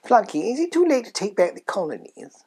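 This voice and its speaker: A chirpy, clueless anchorwoman with an American accent, played by a sketch performer, asking bright questions with a lively, bouncing lilt. It is a sketch-comedy news desk. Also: mid-range voice, brisk, natural voice.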